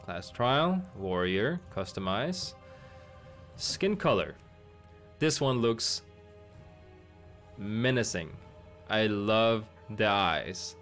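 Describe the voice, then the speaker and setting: A man's voice: on the low side, animated, extremely slow, long pauses, a bit bright, faint music behind. A man streaming a game, chatting casually and thinking aloud with amused asides. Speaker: gaming streamer.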